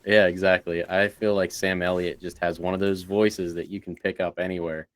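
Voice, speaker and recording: A man's voice: low-pitched, level tone, moderate pace. A man co-hosting a podcast in easygoing, agreeable casual chat. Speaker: podcast co-host.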